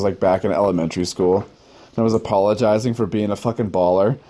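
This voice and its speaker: A man tells a personal story in a loose, rambling way, his speech packed with swearing and filler words. His voice is mellow and dark, and he sometimes laughs at himself. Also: on the low side, brisk. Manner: rambling, profane, heavy use of "like". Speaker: podcast host telling war stories.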